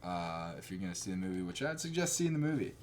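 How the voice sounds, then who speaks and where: A man's voice: sits low, sing-song, quick pace, slight background noise. A young man chatting casually and jokingly about films, acting out scenes and laughing. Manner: jokey, acts out scenes in mock voices, laughs a lot. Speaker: co-host. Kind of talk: casual comedic movie chat.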